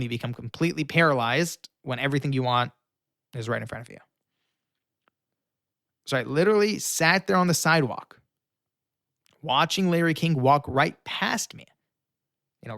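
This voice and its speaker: Animated young man telling a story. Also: fairly high pitch, dry recording, clean studio sound. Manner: acts out quoted voices, shouting and pleading; frequent fillers. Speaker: guest storyteller.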